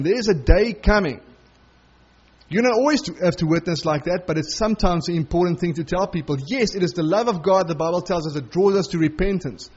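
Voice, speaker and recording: A man preaching a sermon as pastor, emphatic, his voice climbing higher when he urges his listeners. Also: a little mellow, husky, dull audio. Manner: emphatic, rising to a higher pitch when urging.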